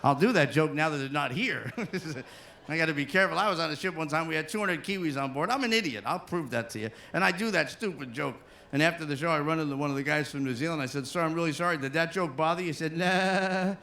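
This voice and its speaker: A comedian works a live cruise-ship crowd, teasing the audience and dropping into goofy voices. His voice sits high and bright, with a gravelly edge. Faint room ambience hangs behind him. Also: fast talker, slight background noise. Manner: crowd work with put-on silly voices.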